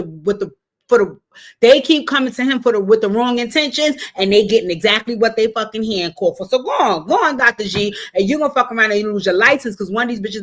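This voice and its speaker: A woman hosting a casual reality TV commentary show, profane and animated, with sudden shouting bursts and mimicked voices. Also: medium pitch. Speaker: show host.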